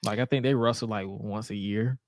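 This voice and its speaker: A man's voice: on the low side, steady tone, brisk, no room sound, clean studio sound. A man co-hosting a podcast, recapping old wrestling shows in a laid-back, joking, profane way. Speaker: podcast co-host. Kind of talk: casual wrestling recap chat.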